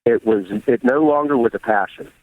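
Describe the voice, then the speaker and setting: A man's voice: medium pitch, normal speed, no room sound, narrow, tinny audio. Candid, profane man telling stories. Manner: candid, profane, animated retelling. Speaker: guest bodybuilder. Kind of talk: casual storytelling interview.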